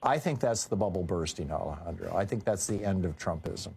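A man's voice: low voice, expressive, fairly quick, creaky, a little mellow, breathy edge. A man hosting a call-in radio talk show, conversational and opinionated with many fillers.

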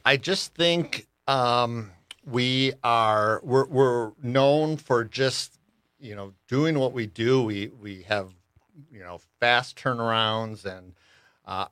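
Easygoing middle-aged man, halting speech. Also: mid-range voice, a bit bright, dry recording. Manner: easygoing, halting, many fillers and restarts. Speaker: studio guest, knitwear business owner. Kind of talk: radio interview conversation. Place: radio studio. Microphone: studio microphone.

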